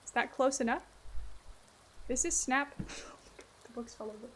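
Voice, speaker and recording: A woman's voice: high-pitched, normal speed, slight background noise. A woman streaming a game, chatting casually with her viewers and laughing often. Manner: giggly, chatty, answering chat. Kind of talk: casual gameplay chat.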